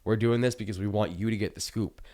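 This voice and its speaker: A man's voice: on the low side, fairly even intonation, quick pace, a little mellow. A man hosting his own political commentary show, speaking urgently and earnestly with frequent ums and uhs. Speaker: host of news commentary show.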